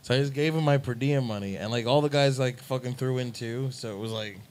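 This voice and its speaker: A man's voice: mid-range voice, a little fast, darkish tone. A young man telling a long, profane, rambling story about playing music on tour, in a casual podcast chat.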